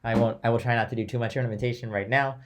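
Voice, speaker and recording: A young man teaching a chant class in a relaxed, chatty way, switching between talk and sung note names and phrases. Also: medium pitch, racing, background noise.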